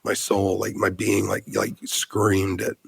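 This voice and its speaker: A man's voice: lowish voice, completely flat delivery, slow, gravelly, breathy edge, dry recording. A man in his thirties from the United States, a podcast guest telling a heartfelt personal story in an earnest way, full of "like" fillers and restarts.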